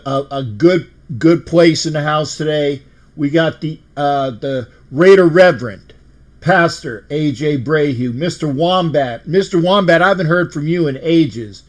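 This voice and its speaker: A man hosting a fan call-in livestream, emotional and exuberant, often repeating himself. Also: fairly high pitch. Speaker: show host.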